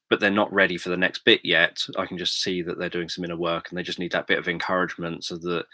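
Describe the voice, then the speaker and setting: A British man chatting calmly on a livestream, explaining things in a measured, thoughtful way with frequent pauses and ums. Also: sits low, no room sound. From Britain. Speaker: livestream host, sleep story narrator. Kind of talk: casual livestream chat.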